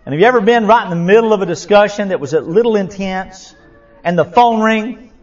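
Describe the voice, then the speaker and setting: A male pastor preaching a sermon, impassioned and repetitive, swinging from loud to hushed. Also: high-pitched, fairly quick. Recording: dull lo-fi sound.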